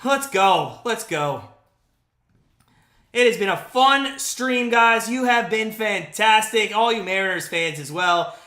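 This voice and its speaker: Excitable thirty-something male fan caller, bright high voice, winded, roomy echo. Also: slow pace. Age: 30s. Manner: excitable, swings between hyped calls and grumbling. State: out of breath. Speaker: live stream play-by-play host. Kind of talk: live fan play-by-play reaction stream.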